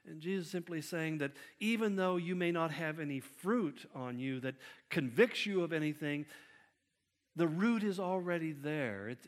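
A man preaching a sermon, with an animated delivery that acts out quotes by shifting his pitch and loudness. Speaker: pastor. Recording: long hall reverb.

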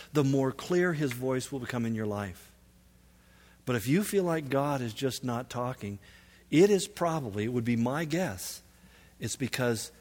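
A man's voice: medium pitch, darkish tone. Man preaching in a reverberant hall. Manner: conversational storytelling preacher, builds to emphatic peaks. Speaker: pastor. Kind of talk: sermon.

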